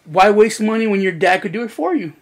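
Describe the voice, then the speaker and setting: Podcast co-host, man with a high voice; pushes back and argues, casual and profane. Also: fast talker. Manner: argumentative, profane, plays devil's advocate. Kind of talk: casual chat.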